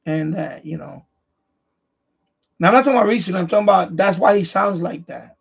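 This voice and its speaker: The host is a man with a high, gravelly and husky voice who rambles and keeps circling back over the same point. The stream audio sounds dull and lo-fi. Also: a little fast. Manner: repetitive, restarts sentences often. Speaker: livestream host, amateur radio operator. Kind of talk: casual rambling chat.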